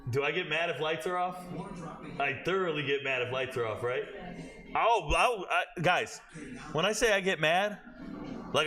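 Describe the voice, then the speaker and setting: A young man hosts a casual stream, telling lively, profane stories straight to his viewers. His voice sits a little high and rings bright and forceful, with faint music playing behind him at the desk. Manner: animated storytelling, swears freely, talks to chat. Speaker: streamer hosting a football watch party. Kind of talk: casual chat.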